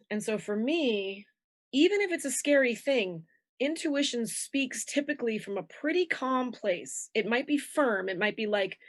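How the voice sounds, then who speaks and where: Animated woman coach, dry close sound. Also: dry recording. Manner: animated, acts out inner voices with shifting pitch. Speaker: intuition coach, guest. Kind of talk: conversational interview.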